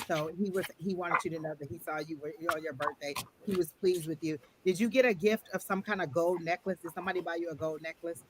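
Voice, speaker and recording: A man gives a live online tarot reading in a gentle, reassuring way and often circles back over the same phrases. His voice sits a little high for a man. A faint hiss of noise runs underneath. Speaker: tarot reader and psychic.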